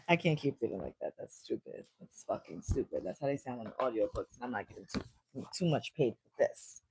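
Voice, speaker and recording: A woman's voice: extremely low pitch, expressive, fairly quick, vocal fry, darkish tone, husky, no echo. A woman chatting casually on a stream while reading a book aloud, blunt and joking, swearing freely, on a handheld mic at home. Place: indoors at home.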